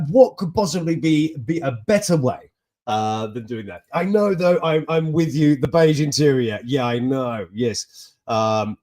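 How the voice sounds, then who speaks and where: A man hosting a casual, jokey news chat with laughing asides and a husky voice. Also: medium pitch, dark tone. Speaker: host.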